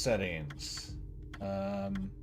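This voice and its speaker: A man streaming a video game, frustrated, talking casually to himself as he plays, swinging from low muttering to sudden loud outbursts. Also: very slow, over music. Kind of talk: casual gameplay commentary.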